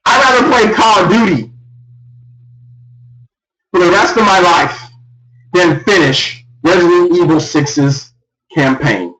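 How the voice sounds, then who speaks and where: A young man ranting loudly and in exasperation on a live gaming stream. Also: expressive, slow, pauses often. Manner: loud, exasperated ranting with big pitch swings. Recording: echoey room, far from the mic.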